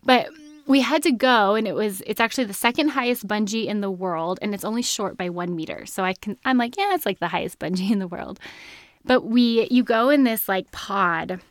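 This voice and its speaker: A young woman hosts her own podcast and talks straight to her listeners in a chatty, animated way, often laughing between words. Her voice sits at an ordinary middle pitch, and the recording is dry and close with no room sound. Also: a little fast, dry recording. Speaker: podcast host. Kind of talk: casual storytelling monologue.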